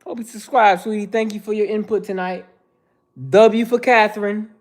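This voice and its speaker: A man's voice: high voice, steady tone, normal speed. A man hosting a casual livestream, answering viewer chat in a mocking, profane, confrontational way.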